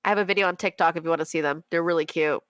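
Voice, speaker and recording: A young woman co-hosting a podcast, telling a story in casual chat, animated, laughing often and acting out quotes in high voices. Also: very fast, no room sound. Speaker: podcast co-host.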